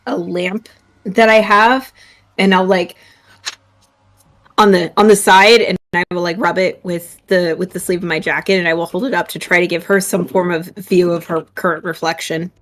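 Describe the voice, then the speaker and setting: A woman's voice: fairly low pitch, fairly even intonation, moderate pace, a bit bright. A woman playing a tabletop game, chatty and hesitant, describing what her character does. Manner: chatty, hesitant, many restarts. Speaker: player.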